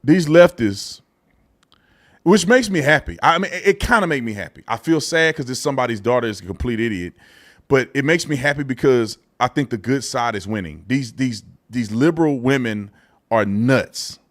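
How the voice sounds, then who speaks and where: A man's voice: medium pitch, animated, moderate pace, fairly bright tone, no echo, studio quality. A man hosting a live commentary show, talking in a blunt, opinionated and mocking way, with loose casual phrasing and frequent restarts. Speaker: show host.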